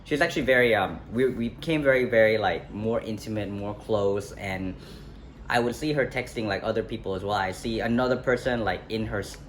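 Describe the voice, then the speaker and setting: A young man with a fairly low voice talks a little fast in a casual vlog, rambling through a personal story and correcting himself with plenty of fillers. Faint street ambience and passing traffic sit in the background.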